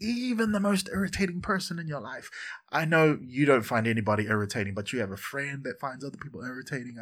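A man preaching a sermon in church, lively and conversational, often repeating words and adding asides. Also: medium pitch, fast. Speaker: pastor.

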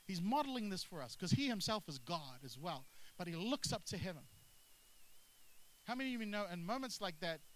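A high-pitched pastor preaching with a bright, forceful tone. He talks energetically and keeps calling on the congregation to answer back. His delivery is lively and direct. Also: vocal fry, no echo, rough recording. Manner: energetic, calls for congregation responses. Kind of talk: sermon.

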